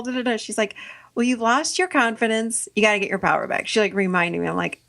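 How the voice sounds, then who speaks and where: A woman's voice: medium pitch, fast talker, vocal fry, fairly bright tone. A middle-aged woman hosting a podcast, telling a story casually, laughing often and acting out her own lines. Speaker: podcast host.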